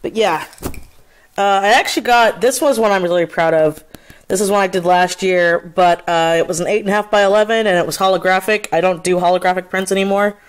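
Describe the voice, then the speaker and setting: A woman's voice: mid-range voice, a little fast, poor audio. A woman artist vlogging casually, swearing a lot as she vents, then chatting while she shows her prints. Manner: profane, ranting, then chatty showing prints. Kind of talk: casual vlog.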